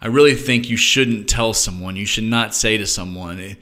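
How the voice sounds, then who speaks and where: A man's voice: fairly low pitch, normal speed, bright, forceful tone. A man teaching a reflective Bible study, thinking aloud and often restarting his sentences. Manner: thoughtful, musing aloud with frequent restarts.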